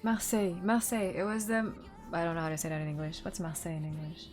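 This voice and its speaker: Woman streamer, rambling casual chat, lowish voice, faint music behind. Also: fast. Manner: chatty, rambling, laughs often. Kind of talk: casual chat while gaming.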